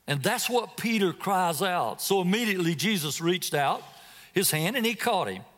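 In a big-sounding room, a man's high, fairly bright voice moves at a moderate pace with lively intonation. As a guest preacher, he tells a scripture story dramatically and puts pointed questions straight to the congregation.

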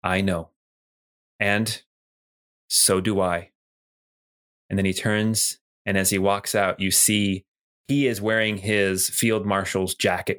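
A man narrating as game master of a tabletop role-playing game, relaxed, with frequent ums and restarts. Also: lowish voice.

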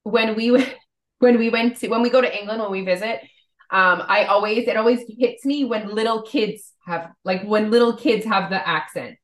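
A woman's voice: medium pitch, moderate pace, echoey room. A woman co-hosting a podcast, chatting casually and filling her talk with "like". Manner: chatty, lots of "like" fillers. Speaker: podcast co-host. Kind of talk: casual chat.

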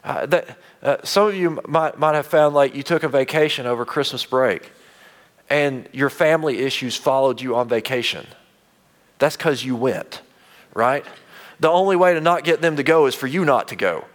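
Earnest pastor preaching. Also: male voice, medium pitch, normal speed. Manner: conversational preaching, earnest, frequent restarts, dropping to quiet intensity. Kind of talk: sermon.

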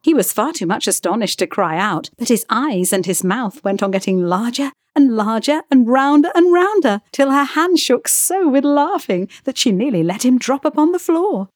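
A woman narrates a classic children's story in gentle storytelling fashion, her voice sitting a little high. The recording is dry and close. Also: lively intonation, normal speed, few pauses, dry recording. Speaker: volunteer audiobook reader. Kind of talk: audiobook narration.

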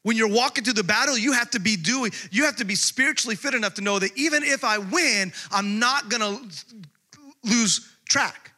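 A pastor delivering a sermon in a notably high, bright voice. He preaches emphatically, swinging from loud outbursts to hushed, intimate asides. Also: normal speed.

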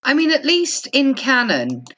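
A woman's voice: sits high, huge pitch swings, unhurried, fairly bright tone, a little hiss or hum. A woman co-hosting a podcast, chatting casually about a book with wry, sarcastic humour. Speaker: podcast co-host. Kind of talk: casual chat recapping a book.

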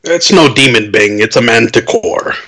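A man plays a tabletop game in character, gruff and matter-of-fact. His voice is husky at a middle pitch. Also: expressive, moderate pace, pushed and bright. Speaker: player.

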